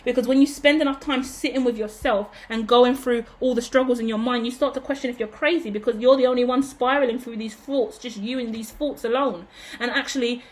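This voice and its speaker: A woman's voice: on the high side, steady tone, fairly quick. A woman giving a casual, rambling tarot reading, swearing freely as she talks. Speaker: tarot reader.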